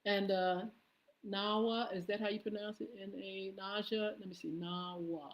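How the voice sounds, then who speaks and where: A woman's voice: medium pitch, fairly even intonation, normal speed, highs cut off. A woman hosting a live morning show stream, casually greeting viewers by name with lots of "uh" fillers and an upbeat, friendly manner.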